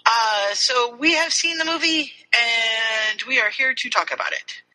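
Bright-voiced easygoing woman podcaster. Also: a little high, a little slow, rough recording. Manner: chatty, easygoing, laughs often. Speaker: podcast co-host. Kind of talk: casual chat.

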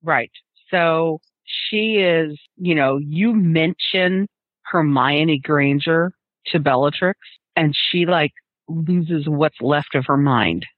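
A man co-hosting a casual book-discussion podcast, giving animated, amused commentary. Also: a little high, slow, no room sound. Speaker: podcast co-host. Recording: tinny phone line.

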